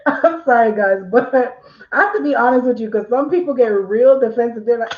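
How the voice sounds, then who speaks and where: A woman's voice: on the high side, fairly quick, highs cut off. A woman teaching notary basics on a live stream, talking casually, reading viewers' comments by name and laughing often. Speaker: notary business instructor.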